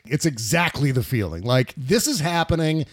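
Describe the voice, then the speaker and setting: A man's voice: a little high, lively intonation, normal speed. A middle-aged man hosting a casual political chat, reflective and laughing often.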